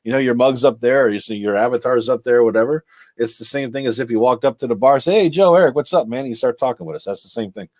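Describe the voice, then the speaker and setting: A man's voice: medium pitch, fast talker, a little mellow. A man co-hosting a casual livestream chat, easygoing and chatty, dropping "you know" often. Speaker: podcast co-host.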